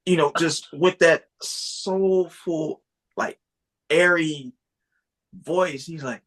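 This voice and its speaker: A man's voice: fairly high pitch, extremely slow, fairly bright tone. A man co-hosting a casual music podcast, talking in a thoughtful, hesitant way with lots of filler words. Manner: thoughtful, hesitant, full of "like" and "you know". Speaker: podcast co-host.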